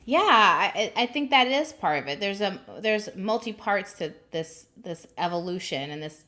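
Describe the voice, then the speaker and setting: A woman hosts a podcast interview in an easy, conversational voice at a middle pitch. She thinks out loud, reflective and affirming, building her questions slowly as she speaks. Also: expressive. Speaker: podcast host.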